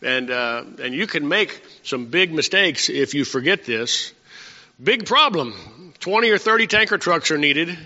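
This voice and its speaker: Male preacher, bright voice a bit high, chatty Bible-study delivery, echoing church hall. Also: lively intonation, a little slow. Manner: conversational, asks the congregation questions. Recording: muffled sound with long hall reverb.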